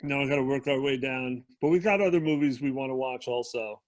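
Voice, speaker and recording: A man's voice: medium pitch, dry recording. Chatty man co-host, dry close sound. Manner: halting, filler-heavy storytelling. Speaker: podcast co-host. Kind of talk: casual gaming podcast chat.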